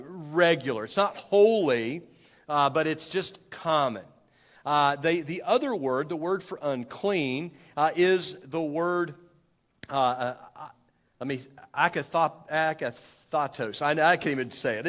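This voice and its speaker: A man's voice: medium pitch, fairly bright tone. A man preaching a sermon to his congregation in a conversational way, stopping to correct himself and asking the room questions. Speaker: pastor. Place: church sanctuary. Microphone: handheld microphone. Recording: long hall reverb.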